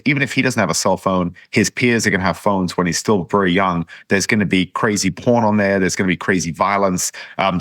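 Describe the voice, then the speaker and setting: A man hosting a podcast, talking thoughtfully and haltingly, often repeating words as he searches. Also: sits low, a bit bright, no echo, studio quality. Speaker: podcast host. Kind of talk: casual interview chat.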